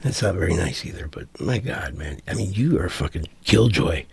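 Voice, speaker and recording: Vlogger, middle-aged man, low gravelly husky voice, dry close sound, profane exasperated rant. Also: animated, brisk, dry recording. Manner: profane, exasperated, rambling with restarts. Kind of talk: ranting commentary vlog.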